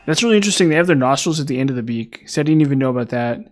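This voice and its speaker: A man's voice: mid-range voice, animated, very fast. A man chatting casually while playing a video game, rambling with lots of fillers and restarts. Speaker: gaming streamer.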